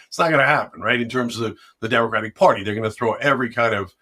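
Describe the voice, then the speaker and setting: A man's voice: mid-range voice, very fast, few pauses, bright, forceful tone. A middle-aged man speaking passionately and combatively in an interview conversation about politics and a possible run for office.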